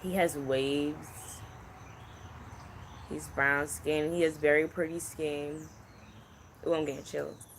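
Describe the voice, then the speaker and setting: A man in his twenties giving an unscripted psychic reading, speaking slowly in a hushed, halting and emotional way. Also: fairly high pitch, flat delivery, creaky, slight background noise. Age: 20s. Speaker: psychic channel host. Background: crickets and insects.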